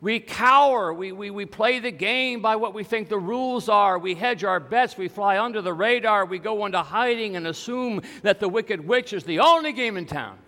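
A pastor preaching an Easter sermon, telling stories and asking rhetorical questions. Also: male voice, sits high, lively intonation, normal speed, few pauses, sharp tone. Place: church sanctuary. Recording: long reverb of a church hall.

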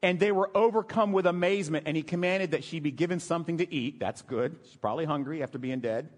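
A man preaching a sermon, telling a scripture story in an animated way, dropping to hushed emotional tones at key moments. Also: on the high side, quick pace. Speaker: pastor. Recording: long hall reverb.

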